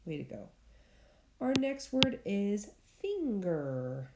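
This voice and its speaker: A woman teacher sounds out words for young students, slow and encouraging, her voice low with a gravelly fry. The recording has an echoey room and faint background noise. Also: animated, a little mellow. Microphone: tablet screen recording.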